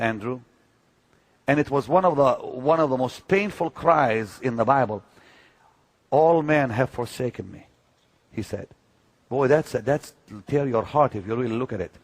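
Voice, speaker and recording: An older man preaching, telling personal stories emphatically and swinging from loud declarations to hushed moments. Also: medium pitch, breathy edge. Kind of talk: sermon-style teaching talk.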